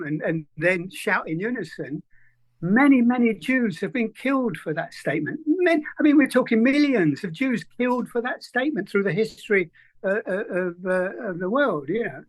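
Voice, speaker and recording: An older man with a notably high-pitched voice speaks as an interview guest. He tells stories in an animated, anecdotal way and acts out quoted dialogue as he goes. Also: moderate pace. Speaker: film editor guest. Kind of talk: conversational interview storytelling.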